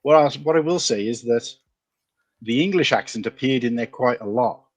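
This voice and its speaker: A man's voice: medium pitch, slightly rough, no echo. Chatty Welsh man hosting a show. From Wales. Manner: chatty and rambling, with quick asides. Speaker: podcast host. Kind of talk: casual chat.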